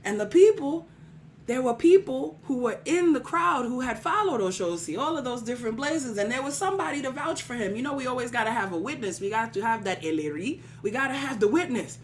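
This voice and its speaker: A woman's voice: fairly high pitch, animated, fairly quick, a little hiss or hum. A woman leading a livestream prayer teaching, preaching in casual, colloquial speech, repeating phrases rhythmically and calling out listeners by name. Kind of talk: livestream sermon-style teaching.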